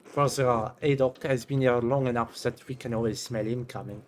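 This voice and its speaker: A man's voice: medium pitch, fairly even intonation, normal speed, a little mellow, slight background noise. A young man streaming a story game, chatting casually and reading its dialogue aloud in a playful manner. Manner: playful, swearing, reacts with little gasps and laughs.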